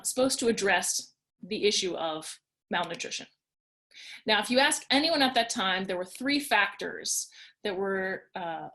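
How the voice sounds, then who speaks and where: A woman's voice: medium pitch, a bit bright. A woman presenting an online workshop from her home, talking in an upbeat, conversational way and telling stories. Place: home in Washington, D.C.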